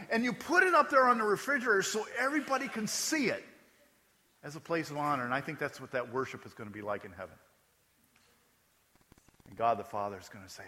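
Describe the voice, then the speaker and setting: A man preaching a sermon in a high, lively voice that jumps all over the place. He talks to the congregation as if chatting, with joking asides. His voice is bright and echoes in a large hall. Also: fast, long pauses, a little hiss or hum. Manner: animated, conversational, joking asides. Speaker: pastor.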